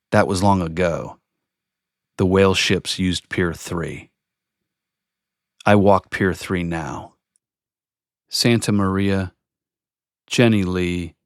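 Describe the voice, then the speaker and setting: A man reads his own poem in a very deep voice with a gravelly edge. He takes it slowly and calmly, with a measured, contemplative delivery. The sound is dry and close, with no room around it. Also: dry recording. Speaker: poet reading his own work. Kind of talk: slow reflective poetry reading.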